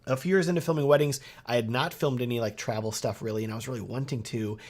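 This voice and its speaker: A man's voice: medium pitch, fairly even intonation, fast talker, a little mellow. A man with a Texan accent chats through a casual livestream Q&A. He sounds upbeat and loose, leaning on "um" and "like" as he goes. His voice sits in an ordinary middle range. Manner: casual and upbeat, many fillers like "um" and "like". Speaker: wedding videographer hosting a livestream Q&A. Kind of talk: casual livestream chat answering viewer questions.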